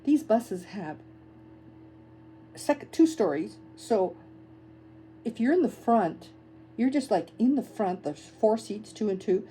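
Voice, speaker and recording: Woman in middle age, casual travel storytelling, lively delivery, mellow dark voice, faint background hum. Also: mid-range voice, slow, long pauses, low-quality recording. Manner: animated, laughs often, acts out quoted voices. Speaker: travel vlogger.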